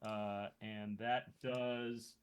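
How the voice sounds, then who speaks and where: A man's voice: lowish voice, level tone, extremely slow, slight background noise. A man playing a tabletop game, chatty and self-mocking about his rolls. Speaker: player. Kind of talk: casual chat at a tabletop game.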